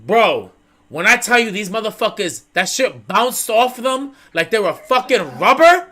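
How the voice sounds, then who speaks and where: A male host tells a story to his stream in a loose, profane, animated way. His voice swoops up and down a lot and sits a little high for a man. It has a bright, forceful edge. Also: a little slow. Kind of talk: casual storytelling chat.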